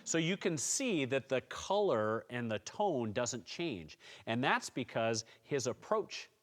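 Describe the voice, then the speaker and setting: A man talking through a snare drum tutorial at a steady, mid-range pitch. He explains each point calmly and patiently, encouraging students as he goes. It sounds like a plain teaching session. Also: slow, slight background noise. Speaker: music teacher. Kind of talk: instructional tutorial.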